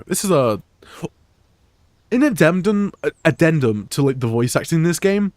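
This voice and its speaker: This young British streamer has a fairly high, sing-song voice with a darkish tone, speaking at a moderate pace in a dry recording. He chats casually about gameplay in an English accent tinged with Scottish, rambling along with frequent fillers and false starts.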